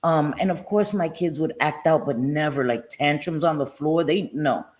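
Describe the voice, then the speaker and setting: A woman's voice: low-pitched, normal speed. A middle-aged woman, telling stories bluntly and with profanity on a casual live stream chat. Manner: blunt, animated storytelling with profanity.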